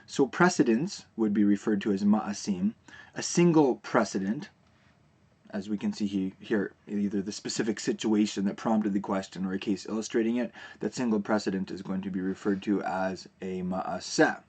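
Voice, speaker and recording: A man teaching a recorded video lesson, explaining terms in a relaxed way with frequent fillers and restarts. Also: lowish voice, moderate pace, breathy edge.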